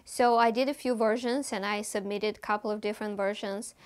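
A woman's voice: mid-range voice, steady tone, a little fast. A young woman with a Russian accent, a native Russian speaker, chatting to camera in a casual vlog in an upbeat, confiding way. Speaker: vlogger and actor.

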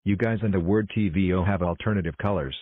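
Low-voiced man calling cuts excitedly. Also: no room sound, phone-quality sound. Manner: exclamatory, hurried, calling cuts and takes. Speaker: creator directing a logo blooper video. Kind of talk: scripted fan cartoon narration.

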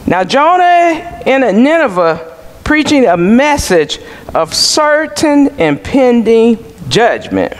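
A male pastor preaching a sermon in a slow, measured way, asking the congregation questions and waiting for their answers. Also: high-pitched. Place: church sanctuary. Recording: church sanctuary with long reverb.

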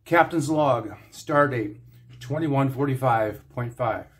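A man narrates his own fan fiction in a casual, plain voice. His pitch sits in the middle range. He reads in a steady way. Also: slow pace. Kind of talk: casual intro, then story narration.

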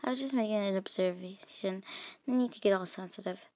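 A woman's voice: medium pitch, brisk, darkish tone, voice pushed down, lightly acted. A woman voicing a careless, blunt husband in a game story, with a dismissive manner.

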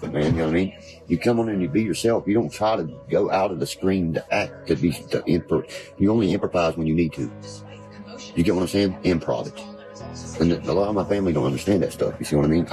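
A man's voice: very deep voice, poor audio. A man from Virginia, rambling in casual chat, cursing freely and spinning conspiracy talk. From West Virginia. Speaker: guest. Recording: background music playing.

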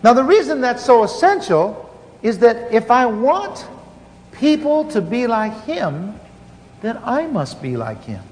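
High-voiced male preacher in a hall. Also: big pitch swings, measured pace, a little mellow. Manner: earnest storytelling with frequent restarts and fillers. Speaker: pastor. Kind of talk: sermon. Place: large conference hall. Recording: conference hall reverb, faint noise.

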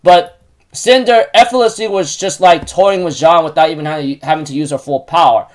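A man casually recapping a show episode, halting often with fillers and restarts. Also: a little high. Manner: repeats stock phrases while retelling.

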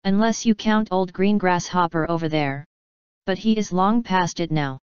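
A woman voicing a cheeky storybook centipede, a grinning male rascal who crows about himself and loves to tease. The voice is very smooth and a little low, on a slightly dull, dry recording. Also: normal speed, no room sound, lightly acted. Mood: gleeful boasting. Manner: loud, crowing, teasing.

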